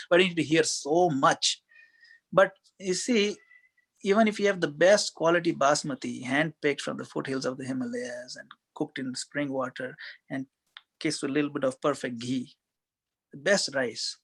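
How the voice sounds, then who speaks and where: A man giving a conversational spiritual talk as a guest speaker, telling stories in a relaxed way with many fillers. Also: fairly high pitch, creaky, breathy edge.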